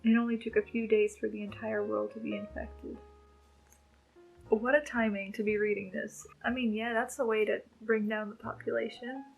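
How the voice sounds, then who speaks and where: A woman book vlogger reacting aloud as she reads, emotional and gushing, thinking out loud. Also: a little high, level tone, moderate pace, vocal fry, faint music behind, rough recording. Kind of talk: casual book readalong reactions.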